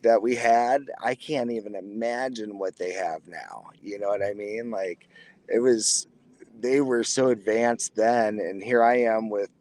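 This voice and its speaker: A man's voice: lowish voice, unhurried, a little mellow, no room sound. A man, a military veteran and podcast guest, talking casually in an earnest, encouraging way. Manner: earnest and encouraging, restarts often. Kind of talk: casual interview chat.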